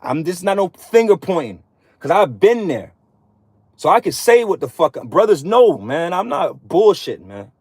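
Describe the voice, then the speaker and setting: A man's voice: sits high, sing-song, moderate pace, darkish tone, slightly rough, dry recording. A man in his thirties preaching bluntly and profanely to other men, often tagging sentences with "man". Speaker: religious vlogger. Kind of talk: profane street-preaching monologue.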